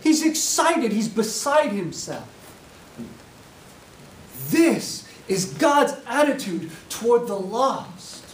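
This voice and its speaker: Guy preaching a sermon, high voice that jumps all over, acts out little voices, echoey room, mic kinda far, faint hiss. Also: big pitch swings, slow pace. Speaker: preaching student. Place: university classroom.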